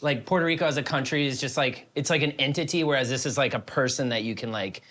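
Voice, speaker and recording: A man's voice: medium pitch, quick pace, a bit bright. A young man chatting casually as a guest, laid-back, mostly short replies. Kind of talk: casual chat.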